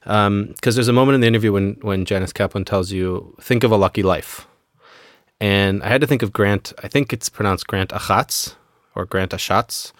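Guy cohosting a podcast, lowish voice, rambles with lots of likes, dry sound. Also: fairly quick, no room sound. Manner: rambling, with many "like" fillers. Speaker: podcast co-host. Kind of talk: casual podcast chat.

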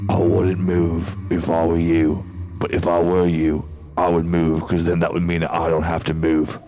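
A man playing a gruff, teasing adventurer. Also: low voice, completely flat delivery, normal speed, warm tone, soft background music. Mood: wry. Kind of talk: in-character tabletop role-play.

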